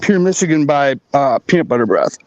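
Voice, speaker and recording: A man chatting casually on a live stream, rambling and repeating words, high and talking with a blunt in his mouth. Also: sing-song, brisk, no room sound, highs cut off. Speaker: grower showing plants on a live stream.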